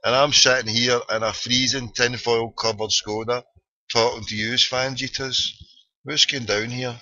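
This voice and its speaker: A man's voice: mid-range voice, flat delivery, a little slow, bright, forceful tone, no room sound. A Scottish man hosting a late-night internet radio show, ranting and joking in slangy banter. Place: small cold room at home. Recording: dull lo-fi online radio stream.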